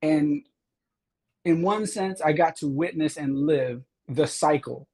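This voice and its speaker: A man's voice: fairly high pitch, big pitch swings, slow pace, vocal fry, darkish tone, poor audio. A man from Chicago, a state representative, telling his life story earnestly in an interview. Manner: earnest storyteller, acts out quoted teachers. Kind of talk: interview conversation.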